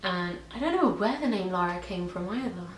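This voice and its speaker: A woman's voice: on the low side, lively intonation, normal speed. A young woman from Britain or Ireland chatting casually about her pets in a home vlog, with lots of ums and likes. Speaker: vlogger. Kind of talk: casual pet tag video. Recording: echoey room with faint hiss.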